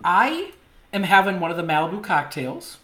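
A man co-hosting a podcast, telling a story in a casual, animated way, laughing often and mimicking the people in it. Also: high voice, normal speed. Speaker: podcast co-host. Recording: roomy echo.

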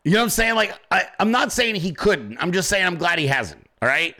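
A man's voice: sits high, animated, a little fast. A man hosting a podcast, ranting in crude, mocking commentary. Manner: crude, mocking, loud impressions. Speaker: podcast host.

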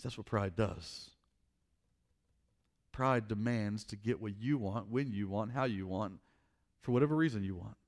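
A man preaching a sermon through a story, acting out scenes loudly and dropping quiet for his main points. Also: fairly low pitch, a little slow, long pauses. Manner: animated, acts out scenes, drops quiet for emphasis. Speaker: pastor.

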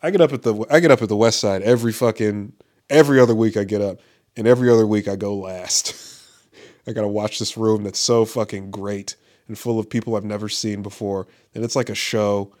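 Dude comic ranting about open mics, swears a ton, rambly, laughs a lot. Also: male voice, on the low side, steady tone, brisk, darkish tone. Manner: rambling, profane, laughing often. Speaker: stand-up comedian. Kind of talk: casual podcast-style rant. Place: Los Angeles area.

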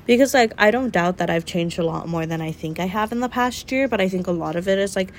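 Blunt, animated young woman podcaster. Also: mid-range voice, quick pace, a little hiss or hum. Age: young adult. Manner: animated, blunt, swears and jokes. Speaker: podcast co-host. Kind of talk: casual chat.

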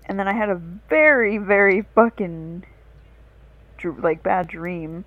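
A woman's voice: mid-range voice, slow pace, dry recording, narrow, tinny audio. A young woman co-hosting a casual podcast, telling a long story in a rambling, profane way. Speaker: podcast co-host.

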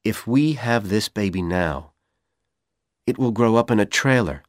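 A man with a Persian accent voicing a manipulative young man who coaxes and pressures in a calm, persuasive tone. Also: lowish voice, unhurried, no room sound, studio quality. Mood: coaxing. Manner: coaxing, then coldly insistent.

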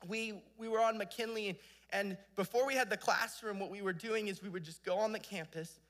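A young man preaching a sermon with passion, swinging between loud exhortation and hushed storytelling. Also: high voice, normal speed.

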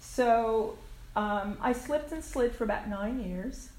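An older woman with a fairly high voice tells her recovery story at a meeting, frank and plainspoken, with casual swearing and self-mocking laughs. Her voice rings around an echoey room with a faint ambience behind it. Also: takes it slowly, darkish tone, slight background noise. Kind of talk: personal recovery share.

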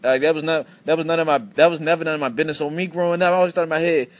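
Young man, animated profane podcast rant. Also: on the high side, racing. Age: 20s. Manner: animated, profane storytelling with many restarts. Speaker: podcast host. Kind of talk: casual solo podcast rant.

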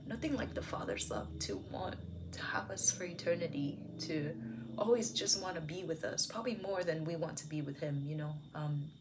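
A woman with a notably low voice reflects on scripture in a soft, earnest way. Her speech is gentle, sometimes drops to a whisper, and is full of "like" and "you know". A faint background hiss sits under her voice. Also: expressive, moderate pace. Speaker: devotional video host. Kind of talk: reflective Bible commentary.

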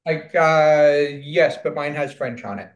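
A man from Canada co-hosting a casual chat while baking, speaking in a measured, hesitant way with many ums. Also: a little high, echoey room, highs cut off. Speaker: podcast co-host.

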